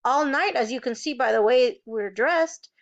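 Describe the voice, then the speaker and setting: A woman's voice: high voice, normal speed, gravelly, lo-fi sound. Woman doing a cold, lying camp warden. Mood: defensive. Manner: defensive, dismissive.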